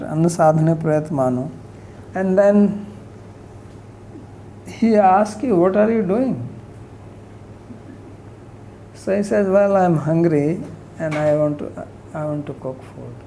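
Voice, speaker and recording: A man gives an unhurried scripture lecture, his mellow, low-key voice fading softly at the ends of phrases. He lifts his pitch when he acts out quoted speech. A faint hum of ambience sits behind him. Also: poor audio. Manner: soft-spoken, voice trails off at phrase ends. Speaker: scripture teacher.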